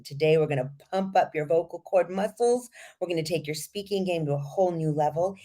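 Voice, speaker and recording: A woman voice coach with a low-sitting voice leads a podcast lesson, energetically guiding listeners step by step through breathing exercises.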